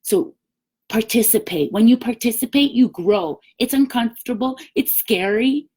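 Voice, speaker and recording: A woman's voice: on the high side, animated, normal speed, a little mellow, breathy edge. A woman giving a live-streamed sales coaching talk as team leader, emphatic and upbeat, acting out little quoted chats. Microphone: webcam or phone, live stream.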